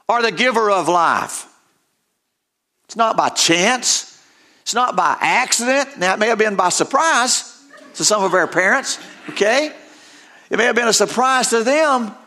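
An older man preaches with a high, bright voice that rings out over the words. He reads scripture with growing intensity and hammers points home by repeating phrases. His delivery is earnest and emphatic from line to line. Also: moderate pace. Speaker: pastor. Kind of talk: sermon.

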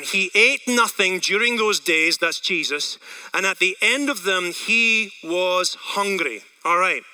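Bright-voiced Scottish preacher. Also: male voice, high-pitched, takes it slowly, clean tone, far from the mic, rough recording. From Scotland. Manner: energetic, conversational, asks the room questions. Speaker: pastor. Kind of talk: sermon.

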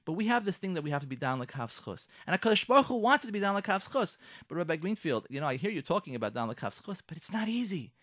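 A high-pitched man hosts a radio talk show, acting out household arguments in voices that swing up and down. His sound is dry and close, with no room around it. He drops Hebrew and Yiddish terms into his talk. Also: fast talker, dry recording. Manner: lively, acts out both sides of quarrels in shifting voices. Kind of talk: animated radio talk with acted scenarios.

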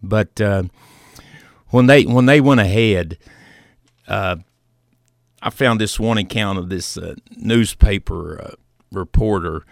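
A man hosting a sports talk show, telling a story in a measured way with plenty of fillers. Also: lowish voice, vocal fry, dry recording, studio quality. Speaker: sports radio host.

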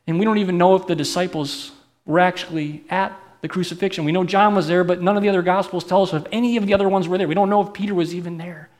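A middle-aged male pastor giving an animated, conversational sermon, often putting questions to the congregation. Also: high-pitched, quick pace.

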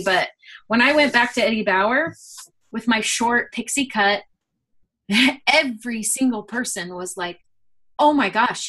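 A middle-aged woman, a guest, telling a personal faith story in an earnest, animated way with many fillers. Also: mid-range voice. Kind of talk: personal testimony in a conversation.

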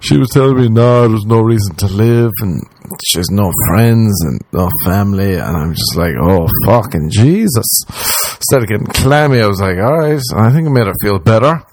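A man's voice: fairly low pitch, expressive, normal speed, darkish tone, a little hiss or hum. A young Irish man, a comedian, hosting a podcast and telling a story in a rambling, profane, self-deprecating way. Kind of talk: casual storytelling monologue.

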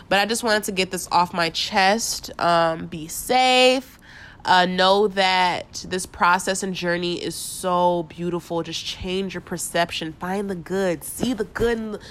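A woman's voice: on the low side, fairly bright tone. Heartfelt woman talking casually, near tears. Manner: heartfelt, repetitive, casual slang-filled. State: voice cracking, holding back tears. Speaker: podcast host. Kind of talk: spontaneous inspirational monologue. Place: bedroom, alone.

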